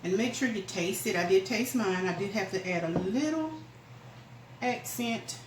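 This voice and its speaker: In an echoey kitchen with background noise, a woman gives a casual home cooking demonstration, chatting homily with her viewers. Her mid-range voice is expressive at a moderate pace, and she's homey and talkative, calling them "y'all."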